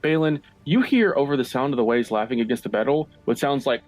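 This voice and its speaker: A game master narrates the scene in a measured, filler-heavy way, now and then dropping a swear. His voice is a middling man's pitch, recorded through a voice-chat mic with faint background music. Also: lively intonation, darkish tone, dry recording. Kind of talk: narrating a tabletop game over an online call. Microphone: online voice-chat mic.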